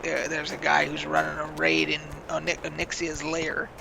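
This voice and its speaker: A man casually rambling through gaming stories while he plays, swearing freely and getting animated as the stories build. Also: on the high side, moderate pace, creaky, very noisy. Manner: rambling, profane, animated storytelling. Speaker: gaming channel host. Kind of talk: casual gameplay commentary with stories.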